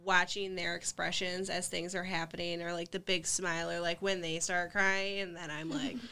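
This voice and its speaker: A woman's voice: on the low side, little pitch movement, normal speed, sharp tone, smooth. A young woman who runs a princess party business, chatting casually, bubbly and laughing often as she acts out her own reactions. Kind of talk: casual chat.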